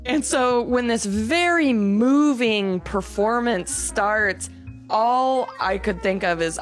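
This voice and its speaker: A woman's voice: fairly high pitch, slow, faint music behind. Laughing woman telling a story. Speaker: podcast co-host. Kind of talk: casual chat.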